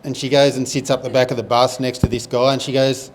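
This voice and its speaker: A man's voice: medium pitch, level tone, quick pace, a little hiss or hum. A man, a local comedian, answering in short, laid-back replies before telling a joke. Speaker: guest comedian.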